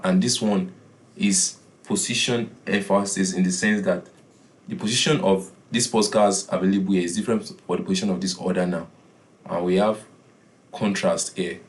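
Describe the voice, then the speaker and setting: A man teaching a beginners' design class, often repeating his key points and pausing with "uh". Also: sits low, fairly even intonation. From Nigeria. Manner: repeats key phrases, filler "uh". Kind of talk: classroom lesson.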